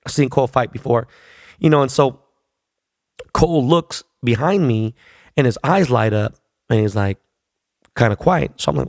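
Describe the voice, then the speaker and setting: Male podcast host, gravelly and profane, casual storyteller, dry mic. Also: medium pitch, moderate pace, darkish tone, no echo.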